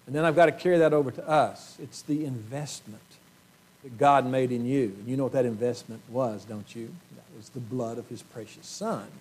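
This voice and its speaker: A male pastor preaching a sermon to his congregation, earnest, often clearing his throat and asking rhetorical questions. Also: medium pitch, normal speed, a little mellow. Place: church sanctuary.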